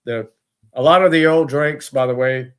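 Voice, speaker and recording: A man's voice: medium pitch, normal speed, clear, resonant tone. A man, the owner of a distillery, talking as a guest in a casual interview, rambling with many fillers and restarts.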